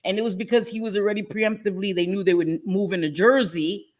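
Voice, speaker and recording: A woman with a New York accent hosting a casual livestream chat, animated and quick to laugh, reading out viewer comments. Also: mid-range voice. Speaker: livestream host.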